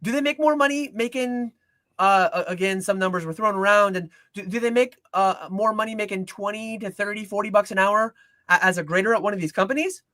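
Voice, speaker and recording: A man's voice: high-pitched, a little fast, bright, forceful tone, no room sound. A man co-hosting a casual livestream, explaining at length with lots of restarts and filler words. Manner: rambling with frequent restarts and "like"; earnest explaining. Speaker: co-host of a card-collecting livestream.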